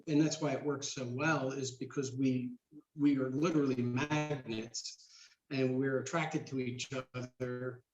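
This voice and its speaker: Man guest, earnest and choked up, halting restarts, high-ish voice, roomy dull sound. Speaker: podcast guest. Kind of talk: emotional personal story.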